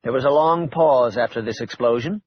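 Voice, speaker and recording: A man's voice: medium pitch, moderate pace, dull audio, a little hiss or hum. A man narrating an audiobook thriller in a wry, dramatic storytelling manner. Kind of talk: scripted narration.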